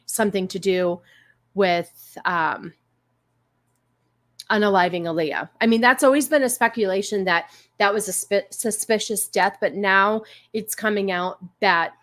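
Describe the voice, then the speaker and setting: A woman's voice: medium pitch, a bit bright. A woman hosting a casual livestream, chatty and rambling with many fillers. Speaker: livestream host.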